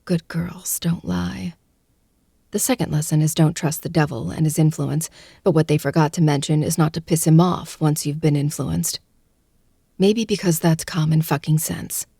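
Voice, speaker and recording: A woman narrating a first-person audiobook close to the mic, in a hushed, breathy, intimate delivery that often drops to a whisper. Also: low voice, dry recording.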